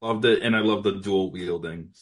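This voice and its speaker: A man's voice: low-pitched, normal speed. A man on a podcast chatting about a film, jokey, acting out lines with exaggerated voices. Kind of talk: casual film discussion.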